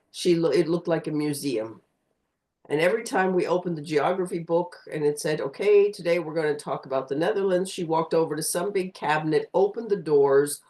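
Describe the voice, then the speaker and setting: A woman's voice: deep voice, darkish tone, low-quality recording. An older woman from Pennsylvania, joining an online group talk over a video call and fondly sharing a school memory. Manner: fond, reminiscing. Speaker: participant.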